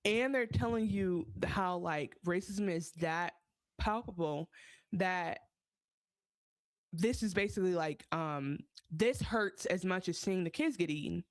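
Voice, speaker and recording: A woman's voice: fairly low pitch, measured pace, dry recording. A woman co-hosting a podcast, chatting casually and animatedly about a TV season, often acting out the characters' lines. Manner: animated, acts out quoted lines in voices. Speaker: podcast co-host. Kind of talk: casual recap chat.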